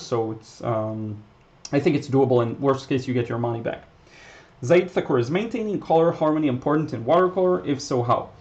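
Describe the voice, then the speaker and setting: Speaking in a mid-range voice over lo-fi audio, an Israeli-accented watercolor instructor whose native language is Hebrew runs a relaxed livestream. He fields questions from chat while thinking out loud, full of fillers and restarts.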